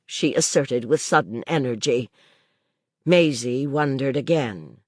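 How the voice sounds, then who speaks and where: A woman narrates a classic novel aloud at an unhurried, deliberate pace. Her pitch rises and falls widely from line to line, and she drops low and quiet on the speech tags. The close, dry sound leaves no trace of a room. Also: sing-song, dry recording. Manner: measured, dropping low and soft for speech tags. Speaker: audiobook narrator. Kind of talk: scripted literary narration.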